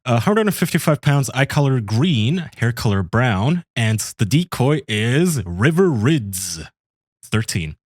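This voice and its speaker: A man co-hosting a podcast, chatting casually with deadpan remarks. His pitch rises and falls with lively movement. The sound is dry and close. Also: unhurried, dry recording. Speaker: podcast co-host. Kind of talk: casual chat.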